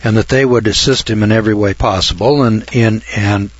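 Older male storyteller, husky voice, halting folksy delivery, dry and slightly muffled recording. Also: on the low side, fairly even intonation, no room sound. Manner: rambling, halting delivery with frequent clears of the throat. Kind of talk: folksy spoken anecdote.

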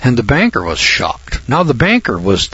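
An older man telling a folksy anecdote, halting and rambling, often clearing his throat and slowing down for the punchlines. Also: medium pitch, huge pitch swings, bright, forceful tone, dull audio. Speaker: storyteller.

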